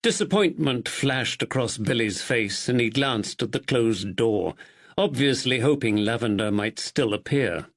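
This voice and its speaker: A man reading a mystery audiobook in a measured, expressive style. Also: medium pitch. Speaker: audiobook narrator. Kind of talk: scripted narration.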